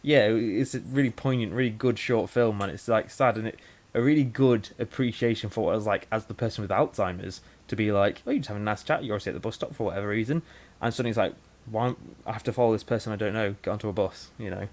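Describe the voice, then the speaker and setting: A man in his twenties co-hosting a podcast, telling stories in a lively way and acting out the dialogue. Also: on the low side, fast talker. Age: 20s. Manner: animated storyteller, acts out dialogue. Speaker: podcast co-host. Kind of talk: casual podcast chat.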